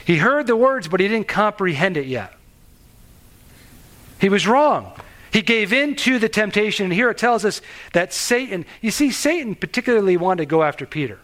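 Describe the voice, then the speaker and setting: A man's voice: sits high, fairly bright tone. A man preaching a sermon in an earnest, conversational way, asking the listeners questions and restarting his sentences. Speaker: pastor.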